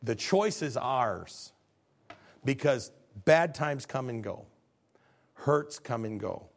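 Male pastor, gravelly voice, storytelling sermon that climbs to fervent highs. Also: lively intonation, slow pace. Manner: storytelling preacher, rising to fervent peaks.

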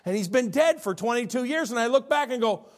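A man's voice: extremely high pitch, expressive, brisk. A middle-aged male pastor preaching a sermon to a congregation in a conversational, folksy way, full of rhetorical questions. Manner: defines terms one by one in a plain, folksy way. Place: church service before a congregation.

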